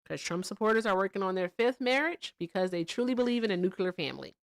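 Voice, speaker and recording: A woman hosting a casual livestream chat, talking in an animated, sarcastic way and laughing often. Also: mid-range voice, fast talker, no echo. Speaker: livestream host.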